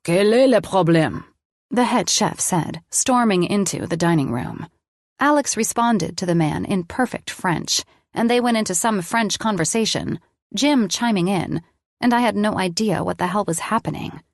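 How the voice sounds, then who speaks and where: A woman's voice: medium pitch, expressive, normal speed, no echo, clean studio sound. A woman reading a romance audiobook in first person, with an intimate, confessional tone. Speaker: audiobook narrator.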